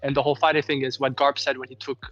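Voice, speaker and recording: A man's voice: medium pitch, flat delivery, very fast, a bit bright, soft background music. Stammering man on a muffled call. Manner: stammering, repeats words. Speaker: guest on stream. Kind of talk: casual chat.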